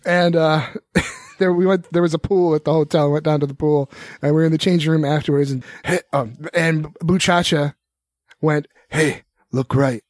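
A man's voice: on the high side, fairly even intonation, normal speed, no echo. A man co-hosting a podcast, chatting playfully and laughing easily. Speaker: podcast co-host. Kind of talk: casual comedic banter.

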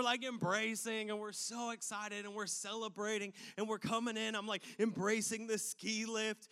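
Man, high voice, sermon-style storytelling, animated, chatty fillers, live audience. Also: clean tone. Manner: animated, conversational, lots of "like" fillers. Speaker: speaker addressing an audience.

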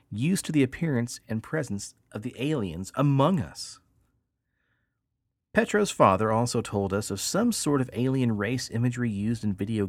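Brief: low-pitched male podcast host, animated storyteller, dry sound. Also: no echo. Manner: animated storyteller, rises in pitch on key points. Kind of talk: casual podcast chat.

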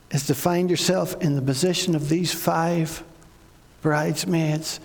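A man preaches with a high, gravelly voice, slow and deliberate. His earnest words repeat for weight. A long reverb trails each line in the hall. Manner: earnest preaching, with repeated phrases and acted pleas. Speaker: pastor. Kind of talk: sermon.

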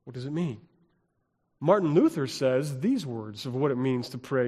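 An American man preaching a sermon as pastor, speaking emphatically and building to loud exclamations. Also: mid-range voice, big pitch swings, normal speed. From United States. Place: church sanctuary. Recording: long reverb of a church hall.

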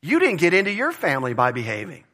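A pastor preaching a conversational, emphatic sermon, repeating phrases for stress. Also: male voice, fairly high pitch, wildly swooping pitch, fast, bright, forceful tone. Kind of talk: expository sermon.

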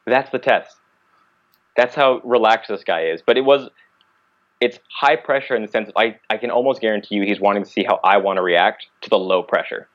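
Low male voice, lively storyteller, slightly dull recording. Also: a little fast. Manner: animated, acts out quoted dialogue. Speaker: podcast guest, martial artist. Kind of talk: casual storytelling.

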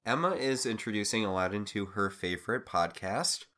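Deep-voiced woman co-host with a deadpan wit, for a casual podcast recap. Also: normal speed. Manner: dry, deadpan jokes.

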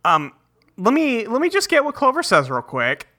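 A man's voice: very high voice, wildly swooping pitch, moderate pace, sharp tone. A man co-hosting a podcast, chatting casually as he recaps a cartoon's plot with plenty of fillers. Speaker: podcast co-host.

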